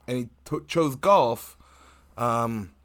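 A man's voice: mid-range voice, slow, a bit bright. A man with a lisp, co-hosting a podcast in casual, rambling banter and laughing often. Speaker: podcast co-host.

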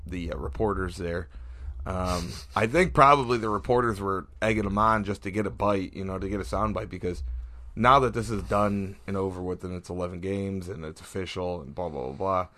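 A man's voice: sits low, fairly quick, pushed and bright. Rambling male sports podcast co-host. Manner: rambling, many fillers and restarts. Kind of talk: casual sports chat.

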